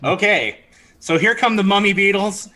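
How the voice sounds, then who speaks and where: A man's voice: high-pitched, expressive, moderate pace, sharp tone, faint music behind, low-quality recording. A man narrating a tabletop game as game master, chatty, with frequent restarts. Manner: chatty, with many restarts and fillers.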